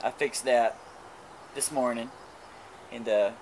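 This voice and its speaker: A man's voice: mid-range voice, fairly even intonation, slow pace, darkish tone, a little hiss or hum. A man chatting casually while cooking outdoors at a grill, crude and joking, stumbling over his words. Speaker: cooking vlogger. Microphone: camera mic.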